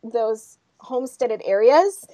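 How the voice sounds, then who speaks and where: A woman from northern Minnesota with a Minnesota accent, chatting casually and telling animated stories as a podcast host. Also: on the high side, slow. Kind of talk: casual chat.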